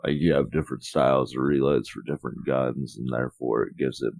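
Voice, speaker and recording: Super deep gravelly guy rambling and cursing on a podcast, dry close sound. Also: brisk, dry recording. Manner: rambling, profane, animated storytelling. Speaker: podcast co-host. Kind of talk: casual chat.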